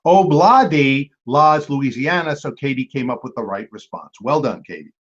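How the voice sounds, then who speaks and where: Lively lo-fi quiz host, man. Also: medium pitch, breathy edge. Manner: chatty, repeats each clue, quick asides and apologies. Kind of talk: reading trivia questions and chatting with teams. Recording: dull lo-fi recording.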